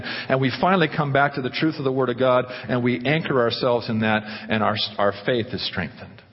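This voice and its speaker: A man preaching a sermon, animated, putting questions to the congregation. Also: mid-range voice, husky. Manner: animated, asks the congregation questions, acts out quotes. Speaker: pastor. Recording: dull, echoey church hall recording.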